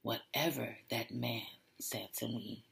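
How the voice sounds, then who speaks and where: Slow, gravelly podcast storyteller. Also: mid-range voice, steady tone, a bit bright. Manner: reflective, often drops to a whisper; repeats words and restarts when emotional. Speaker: podcast host. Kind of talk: personal storytelling monologue.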